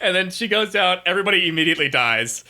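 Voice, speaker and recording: A young man rambles through a casual movie review on a podcast. His voice sits a little high and rings bright and forward. He swears freely and keeps breaking into mocking impressions of the characters. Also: lively intonation, fast talker. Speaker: podcast co-host.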